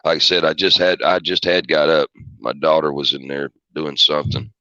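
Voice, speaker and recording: A man's voice: very deep voice, level tone, moderate pace, sharp tone, dry recording, dull audio. A man from Georgia hosting a casual livestream chat, rambling and restarting his sentences. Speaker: livestream host.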